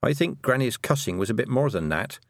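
A man's voice: mid-range voice, sing-song, moderate pace, no room sound, clean studio sound, voice pushed up. A man voicing a stubborn young farm girl in an audiobook, talking in an earnest, insistent, slightly defiant way. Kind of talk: audiobook character voice.

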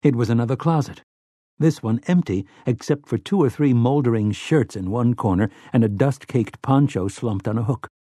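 Brief: male audiobook narrator, steady brisk reading, mid-pitched, dry close sound. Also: no room sound. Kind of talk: scripted novel narration.

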